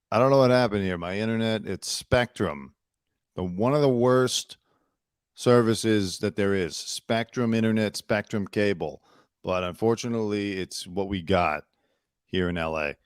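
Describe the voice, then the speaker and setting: Chatty low-voiced man hosting a news show. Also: a little slow, long pauses, clear, resonant tone, no echo, clean studio sound. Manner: chatty, sarcastic, animated. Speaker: host. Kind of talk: casual news commentary.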